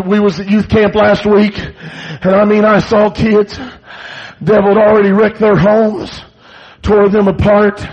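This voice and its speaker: A man preaching a fiery revival sermon, building to shouts in bursts. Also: high-pitched, slightly rough. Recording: dull lo-fi church recording.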